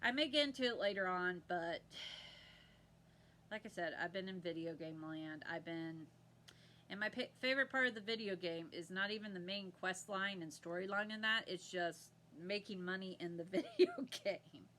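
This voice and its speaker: Chatty woman with a bright voice. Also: lowish voice, expressive, moderate pace. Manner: chatty, rambling, laughs often. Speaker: podcast host. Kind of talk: casual chat to camera. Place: at home.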